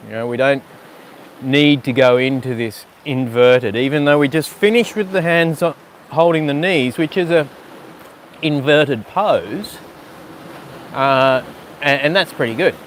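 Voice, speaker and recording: Slow, gentle yoga teacher by the sea. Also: male voice, medium pitch, a little hiss or hum. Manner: slow, gentle, soothing cues with pauses. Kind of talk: guided yoga and breathing instruction. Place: outdoors on rocks by the sea.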